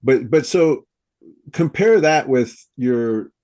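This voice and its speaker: An American man hosts a podcast in a casual, easygoing way. His voice sits at a middle pitch. He laughs along with his guest and asks questions loosely. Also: expressive, slow pace, a little mellow. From United States. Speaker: podcast host.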